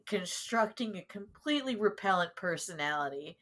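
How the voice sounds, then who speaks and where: A woman with a mid-range, fairly bright voice speaks animatedly at normal speed while playing a tabletop game. She describes her character in a laid-back, joking way with plenty of swearing.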